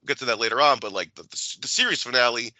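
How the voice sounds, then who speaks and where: A man's voice: mid-range voice, fast, no echo, poor audio. A man co-hosting a podcast, chatting casually and swearing freely as he retells scenes. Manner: swears a lot, animated retelling. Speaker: podcast co-host. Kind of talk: casual chat.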